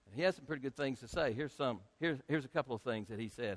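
A male pastor preaching a sermon to his congregation, speaking emphatically and rising to loud peaks. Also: mid-range voice, expressive, fast, few pauses. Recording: long hall reverb.

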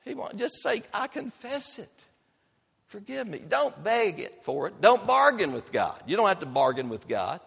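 High-voiced male pastor preaching in a hall. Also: sing-song, normal speed, creaky, few pauses, breathy edge. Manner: dynamic preaching, shifting from loud emphatic to soft and hushed. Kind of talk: sermon.

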